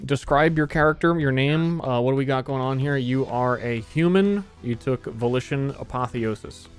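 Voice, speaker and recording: A man's voice: medium pitch, normal speed, smooth, soft background music. A man running a tabletop game, guiding the players through character creation in casual, profane chat. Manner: loose, swears casually. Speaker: game master.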